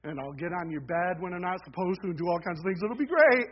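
A timid, eager pet dog pleads wistfully, as a high-voiced male preacher speaks for it in a near-normal voice. The dog sounds longing but unsure. The recording is slightly dull and lo-fi. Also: lively intonation, fast talker, slight background noise.

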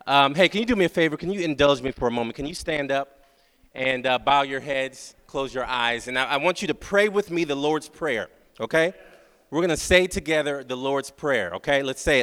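A man delivering a sermon as a guest speaker, repeating his phrases and checking in with the crowd by asking "right?", slowing down when reciting prayer. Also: medium pitch, animated, fairly bright tone, smooth. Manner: slow, drawn-out prayer recitation. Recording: long hall reverb.

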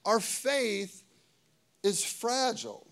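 A middle-aged man, a pastor, preaching a casual sermon, telling family stories and checking in with the audience. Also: drawn-out words. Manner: casual, conversational, lots of "okay?" and "right?" checks with the audience; animated storytelling, pitch and volume swinging widely.

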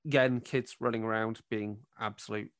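A man's voice: lowish voice, steady tone, normal speed, fairly bright tone, no echo, clean studio sound. A man running a tabletop game, narrating scenes descriptively with many fillers. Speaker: game master.

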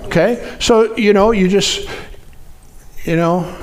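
A man preaching a sermon in a conversational way, often asking the congregation to respond. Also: slow. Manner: animated, jumps up in pitch for acted-out quotes. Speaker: pastor.

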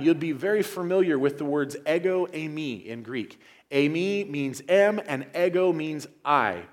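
A male pastor preaching a sermon in a church, moving from quiet, low passages to loud, emphatic ones. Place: church sanctuary.

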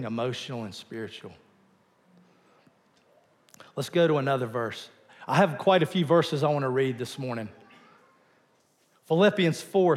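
This male pastor's voice is medium in pitch, and a long reverb tail trails after his words. His sermon is conversational: he quizzes the congregation and goes quiet for emphasis.

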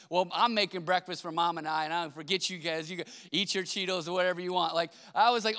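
A man in his thirties preaching a relaxed, story-driven sermon, pitched high and sounding bright and clear. His voice rings with a long reverb from a church sanctuary. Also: brisk. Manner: conversational, storytelling, self-deprecating. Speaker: pastor.

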